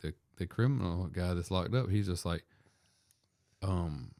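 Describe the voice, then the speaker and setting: A man's voice: sits low, measured pace, gravelly, pauses often, warm tone, no room sound. A man on a podcast casually retelling a movie in a loose, rambling way. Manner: rambling, loose storytelling full of fillers. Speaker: podcast co-host.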